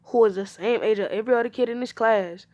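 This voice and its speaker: A woman's voice: a little high, quick pace, a little mellow, dry recording. A woman casually telling an improvised fan story, loose and slangy with rambling asides.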